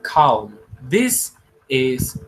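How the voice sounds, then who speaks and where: Slow-drilling teacher, man. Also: medium pitch, sing-song, fairly bright tone, a little hiss or hum, low-quality recording. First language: Spanish. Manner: drawn-out repeated words, switching to quick Spanish asides. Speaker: English teacher. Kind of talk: slow classroom pronunciation drill.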